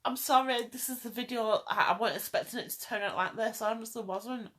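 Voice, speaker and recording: A woman's voice: fairly high pitch, fairly quick, fairly bright tone. A woman vlogger delivering a heartfelt rant straight to her viewers, pleading and repeating lines for emphasis. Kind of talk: impassioned direct-to-camera rant.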